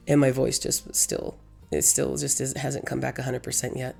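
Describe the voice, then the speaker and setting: A woman with a hoarse, gravelly voice from losing it, chatting through a crafting tutorial as host, rambling and correcting herself. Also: rumbling low, little pitch movement, normal speed, darkish tone, faint music behind. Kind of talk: casual crafting tutorial voice-over.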